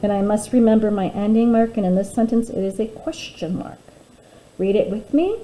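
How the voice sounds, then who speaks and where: A woman teacher giving a phonics lesson to young children, sounding out words slowly and clearly and encouraging them warmly. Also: mid-range voice, rough recording. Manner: warm, encouraging teacher talk.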